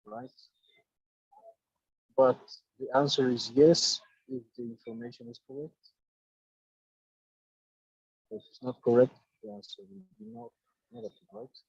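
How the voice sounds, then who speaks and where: Male english teacher, husky voice, dry dull lo-fi call audio, explains step by step. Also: medium pitch, no room sound. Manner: explaining step by step, with halting restarts. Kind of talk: online grammar lesson.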